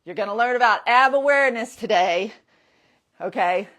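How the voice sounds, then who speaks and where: A woman's voice: fairly high pitch, moderate pace, fairly bright tone. A woman in her sixties leading a live workout class, upbeat and encouraging, and whooping to cheer people on. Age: 60s. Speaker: fitness instructor.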